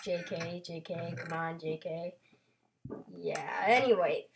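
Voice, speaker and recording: A woman's voice: lowish voice, fairly even intonation, takes it slowly, gravelly, a little hiss or hum. Chatty young woman playing a game. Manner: chatty, playful, self-conscious. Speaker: Minecraft channel host. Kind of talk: casual gameplay chat.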